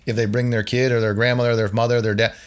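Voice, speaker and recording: A man's voice: mid-range voice, little pitch movement, very fast. A man who is a guest on a podcast, talking about his work in an enthusiastic, upbeat way in a casual interview. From New England. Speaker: marketing director, guest.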